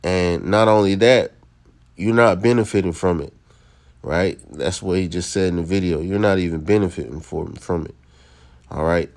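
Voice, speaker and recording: A man's voice: low voice, moderate pace, gravelly, darkish tone. A man teaching a scripture lesson in a preachy way, reading verses aloud and checking in with his listeners again and again. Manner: preachy, repeats "all right?".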